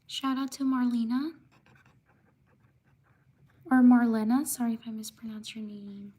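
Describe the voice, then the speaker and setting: A woman hosting a livestream, slowly reading out shout-outs to viewers one after another and quickly apologizing for mispronouncing names. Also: fairly high pitch, breathy edge. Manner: slow, steady listing of names with quick apologies. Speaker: livestream host. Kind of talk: live stream shout-outs.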